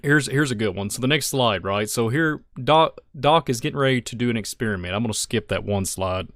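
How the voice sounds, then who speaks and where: A man co-hosting a podcast, talking through a film slide by slide in a rambling, excitable way with many restarts. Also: medium pitch, fairly quick, no room sound, studio quality. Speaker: podcast co-host. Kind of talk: casual film-analysis chat.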